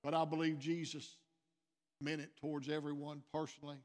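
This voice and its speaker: A man preaching a sermon as pastor, earnest and repetitive, growing louder on key lines. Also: a little high, completely flat delivery, brisk. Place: church sanctuary. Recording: long church reverb.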